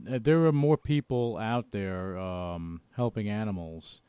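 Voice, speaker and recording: A man's voice: on the low side, dark tone, clear, resonant tone, no echo, dull audio. A male radio host chatting casually with a guest, restarting his sentences often. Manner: halting, restarts a lot. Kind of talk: casual interview chat.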